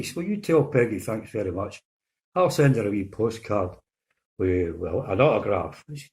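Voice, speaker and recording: A man's voice: mid-range voice, big pitch swings, a little mellow. Man rattling off pub-style jokes. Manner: chatty, rambling delivery with restarts and quick voice shifts for characters. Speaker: host telling jokes. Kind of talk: casual joke-telling.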